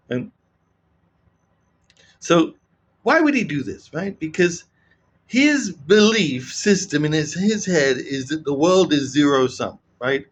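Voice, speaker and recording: A man giving casual, animated political commentary, often checking in with "right?". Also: on the high side, a little slow. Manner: animated, keeps asking "right?".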